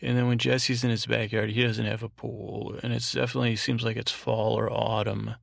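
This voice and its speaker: A man's voice: medium pitch, little pitch movement, moderate pace, gravelly, no room sound, studio quality. A man hosting a bedtime podcast, recapping an episode in a meandering way with fillers and restarts. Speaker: podcast host.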